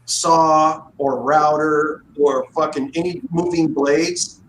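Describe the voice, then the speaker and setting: A man swapping stories on a livestream, his voice sitting a little high and rising sharply as he acts out what he said back then. He swears freely and keeps the tone loose. The sound carries a noticeable room echo, with a faint hiss underneath. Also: takes it slowly. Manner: animated, profane, acts out quotes. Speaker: livestream host, guitar builder. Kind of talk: casual storytelling chat. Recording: roomy echo.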